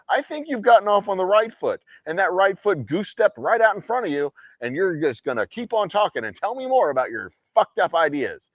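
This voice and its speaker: Profane, animated man ranting on a stream. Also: fairly high pitch, normal speed, no echo, studio quality. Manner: profane, animated ranting with sarcastic mock quotes. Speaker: host of a game night stream. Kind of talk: casual ranting chat on a livestream.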